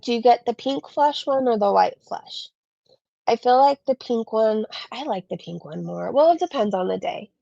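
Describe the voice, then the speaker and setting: A woman's voice: a little high, lively intonation, moderate pace, gravelly, warm tone, no room sound, lo-fi sound. A woman hosting a casual live-stream commentary, chatty and rambling as she reads super chats. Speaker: commentary channel host.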